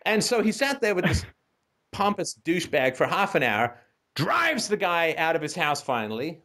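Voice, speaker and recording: A male talk host who rants in a casual, animated way with a fairly high voice that swoops all over. He keeps firing rhetorical questions and tagging his points with "right?" as he lectures a caller. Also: takes it slowly, creaky, pauses often. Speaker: call-in show host. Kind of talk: casual ranting monologue.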